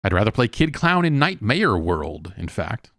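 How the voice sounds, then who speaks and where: Low-voiced man rambling through a game review. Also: sing-song, moderate pace, creaky, a bit bright, no echo, studio quality. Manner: rambling, conversational, lots of restarts and asides. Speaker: show host. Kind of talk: casual solo game review talk.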